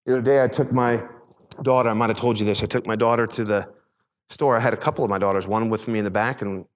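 A middle-aged man preaching a sermon, a pastor telling a personal story in a conversational, animated way. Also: big-room sound. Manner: conversational preaching, animated retelling with quick pitch swings.

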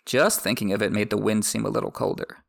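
Wry podcast host with a gravelly voice. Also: male voice, lowish voice, steady tone, fast talker. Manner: wry, joking asides. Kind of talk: chapter recap with read excerpts.

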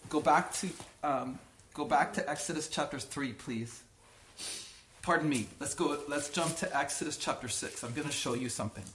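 A man's voice: fairly high pitch, moderate pace, fairly bright tone, roomy sound, slight background noise. Earnest man teaching scripture to a group. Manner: earnest, emphatic, with frequent restarts and checks with listeners. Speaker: Bible teacher. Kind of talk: teaching a Bible study to a small group.

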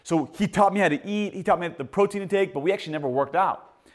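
Animated pastor man preaching. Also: fast. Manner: animated storytelling with lively swings in pitch and loudness; prays and calls to the congregation. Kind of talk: sermon.

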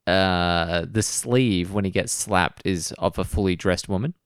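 A man's voice: sits low, measured pace, clean tone, dry recording, clean studio sound. A man co-hosting a podcast in casual chat, hesitant and chatty. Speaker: podcast co-host.

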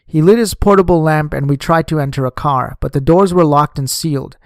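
A man narrating a memoir in a measured, steady audiobook reading on a close microphone. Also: fairly high pitch, clear, resonant tone, dry recording.

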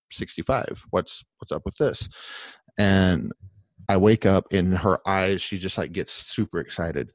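Deep-voiced man telling a rambling personal story. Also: dry recording. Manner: rambling, many fillers and restarts, candid; earnest and emotional. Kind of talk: casual conversational storytelling.

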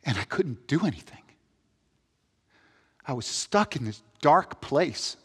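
A man giving an earnest personal testimony, swinging between upbeat energy and hushed, heavy reflection. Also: mid-range voice, sing-song, slow, breathy edge. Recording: long hall reverb.

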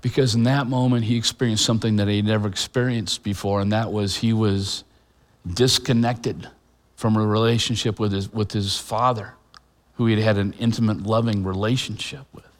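A middle-aged pastor delivers a heartfelt sermon in a fairly low voice. He speaks earnestly, often restarting his sentences and pausing with fillers. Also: steady tone, big-room sound. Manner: emotional, choked up at moments.

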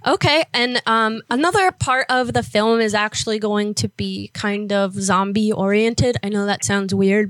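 A woman's voice: medium pitch, no echo. A woman interviewing someone by phone, talking casually with many fillers and encouraging words.

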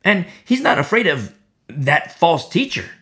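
A preacher delivering an animated sermon, driving points home with emphatic repetition and acting out the people in the story. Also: medium pitch, a little slow. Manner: acts out quoted voices.

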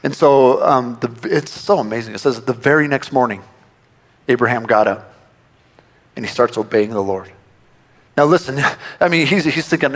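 A man preaching a sermon to his church, conversational and animated, often restarting his sentences. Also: medium pitch, moderate pace. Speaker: pastor.

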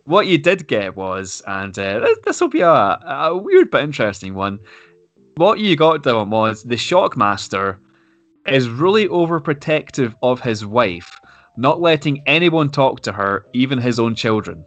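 A man's voice: mid-range voice, sing-song, a little slow, fairly bright tone, dry recording, soft background music. A man co-hosting a casual podcast, laughing often and running a game segment with easygoing patter. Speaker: podcast co-host.

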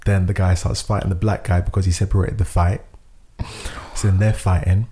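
A young man, telling a story in casual podcast chat, lively, laughing often and swearing freely. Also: low voice, fairly quick. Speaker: podcast co-host.

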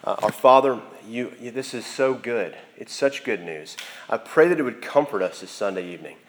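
A man's voice: mid-range voice, lively intonation, normal speed. A young man preaching earnestly to a campus group on a Sunday evening, then praying, often repeating words as he searches for them. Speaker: campus minister. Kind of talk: sermon and closing prayer.

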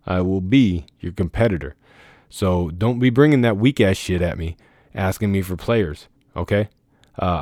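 A man's voice: lowish voice, a little mellow, dry recording, studio quality. A man serving as league commissioner, giving a casual, rambling podcast recap full of crude teasing trash talk, recorded in his bedroom. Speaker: fantasy football league commissioner.

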